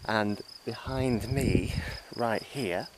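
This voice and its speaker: Male travel vlogger on a hillside, slow and excitable, with outdoor insect noise. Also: fairly low pitch. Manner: excited, exclaiming often. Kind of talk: walking vlog. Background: insects and crickets.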